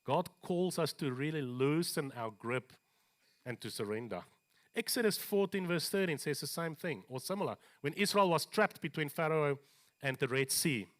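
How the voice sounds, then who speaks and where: Lively, animated male preacher. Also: on the high side. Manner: animated preaching with joking asides, slowing down for scripture. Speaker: pastor. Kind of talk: sermon. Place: church.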